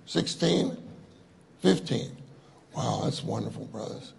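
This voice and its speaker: A man's voice: medium pitch, lively intonation, slow pace, creaky. A middle-aged man preaching a sermon, telling stories in a jovial way and laughing often. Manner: storytelling, jovial with frequent laughter.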